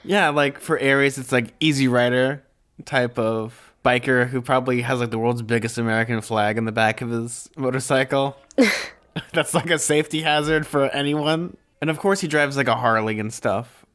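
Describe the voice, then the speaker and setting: A man with a middle-pitched voice co-hosting a casual podcast. He talks in an easygoing, joking way and wanders from point to point. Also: moderate pace, fairly bright tone. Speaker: podcast co-host. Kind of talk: casual chat.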